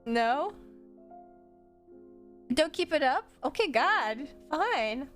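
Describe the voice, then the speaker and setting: High-voiced, chatty woman streamer. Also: sing-song, drawn-out words, a bit bright, soft background music. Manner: chatty, swears freely, answers chat, laughs often. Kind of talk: casual stream chat while drawing.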